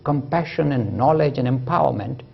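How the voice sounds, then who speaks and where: A male lecturer talks in an animated, joking way, with a lilting, lively pitch and a husky, gravelly edge to his voice. He tells stories to make his points. The recording sounds dull and lo-fi. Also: moderate pace. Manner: animated, joking, acts out quotes. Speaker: lecturer on religion and science. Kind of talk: public lecture with storytelling. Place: lecture hall at a university.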